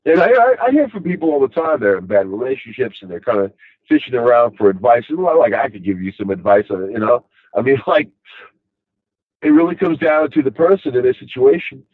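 A middle-aged man from Long Island, New York, with the local accent, rambles casually in a loose monologue sprinkled with "you know"s. His medium-pitched voice swings widely and moves fairly quickly. The audio is tinny, like a phone line, with no echo.

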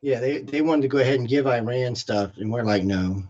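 A man's voice: mid-range voice, brisk, darkish tone, highs cut off. A man co-hosting a casual talk stream, blunt and rambling, often laughing at his own remarks. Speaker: co-host. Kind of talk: casual chat.

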